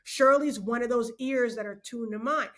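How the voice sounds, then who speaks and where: A woman's voice: a little high, normal speed, fairly bright tone. A middle-aged woman, a motivational speaker, talking expressively on a faith podcast, laughing often and preaching her points. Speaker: guest speaker. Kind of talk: animated podcast conversation.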